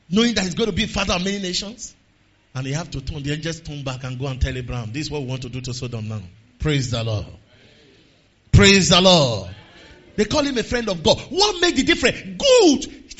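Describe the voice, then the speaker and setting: Fiery Nigerian pastor, high husky voice. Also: male voice, highs cut off. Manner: swings between quiet talk and shouted prayer. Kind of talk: sermon with prayer. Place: church service.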